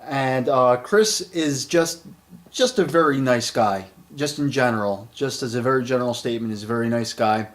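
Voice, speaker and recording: Man, 30s, mid-pitched, casual friendly reviewer, rambles with lots of fillers. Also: moderate pace. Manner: rambling, repeats words and uses many fillers; friendly and enthusiastic. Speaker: shaving product reviewer.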